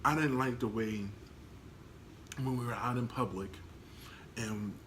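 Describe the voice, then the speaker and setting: A man giving a casual monologue, blunt and candid, heavy on slang and quick to laugh. His voice sits at an ordinary pitch, with a faint hiss of noise behind it. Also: fairly even intonation, fairly bright tone. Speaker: vlogger.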